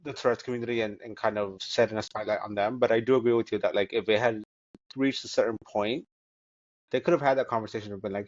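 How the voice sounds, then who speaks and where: A man's voice: lowish voice, fast, dry recording. A male podcast co-host who rambles through his thoughts with plenty of fillers and an easy, giggly manner. The recording sounds dull and dry, with no room sound. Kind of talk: casual chat.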